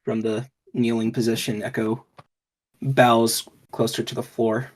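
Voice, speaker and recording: Slow, husky-voiced woman player. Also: rumbling low, level tone, low-quality recording. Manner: slow and hesitant, with many hums. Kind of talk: tabletop game play.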